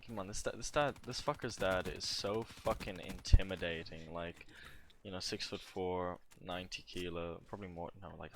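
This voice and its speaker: Deep-voiced young man telling a story. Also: a bit bright, slight background noise. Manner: profane, rambling and laid-back, with many fillers. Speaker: gaming streamer. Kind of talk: casual storytelling while playing a game.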